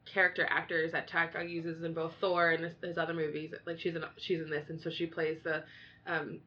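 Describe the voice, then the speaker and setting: A woman co-hosting a casual chat, rambling and animated with many fillers. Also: low voice, brisk. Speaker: podcast co-host. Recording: dull lo-fi sound.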